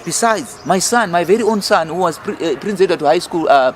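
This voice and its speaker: A man's voice: high voice, animated, brisk, a little hiss or hum. A middle-aged Zimbabwean man with a Zimbabwean accent, a political campaign leader giving a fiery, emphatic, rhetorical interview. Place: outdoor restaurant in city gardens.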